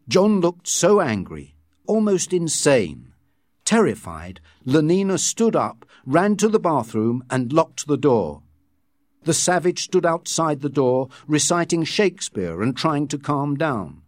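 Male narrator for a graded reader: slow, lively pitch, measured, dry close mic. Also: no room sound. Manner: measured, expressive reading. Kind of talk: scripted story narration.

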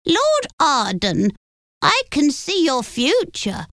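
A woman doing a soft-spoken old village witch. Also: sits high, huge pitch swings, dry recording, clean studio sound, pitched above the performer's own voice, full character voice. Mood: ominous. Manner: slow, soft, prophetic delivery. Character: strange old woman witch, mysterious seer.

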